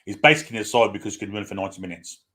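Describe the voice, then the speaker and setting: Fast-talking low-voiced co-host. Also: male voice, bright, forceful tone, breathy edge. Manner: rapid, opinionated, asks for agreement. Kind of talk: casual live stream chat.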